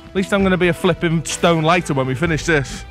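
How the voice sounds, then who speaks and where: A man's voice: fairly high pitch, quick pace, soft background music. An English man fishing outdoors in a challenge, overheated and out of breath, complaining with wry humor. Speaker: angler and co-host. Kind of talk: banter while fishing outdoors.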